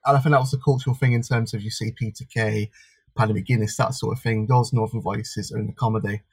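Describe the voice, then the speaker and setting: A man's voice: on the low side, steady tone, fast talker, husky, no echo. A man with a Blackburn Lancashire accent, a media worker and stage performer, answering casually in an interview with frequent stammered restarts.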